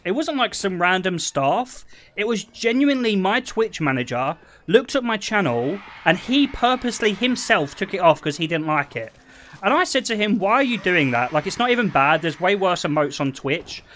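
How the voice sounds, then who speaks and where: A man in his twenties chats on stream in an animated way, swearing and laughing through his stories. His voice sits high and jumps all over the place as he talks. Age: 20s. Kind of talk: casual stream chat.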